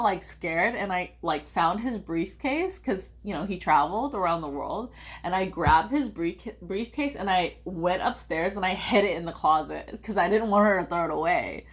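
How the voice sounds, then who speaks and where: A young woman telling a personal family story in a casual, rambling way, full of "like" and animated quotes of her parents. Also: on the low side. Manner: rambling, heavy use of "like", animated quoting of family.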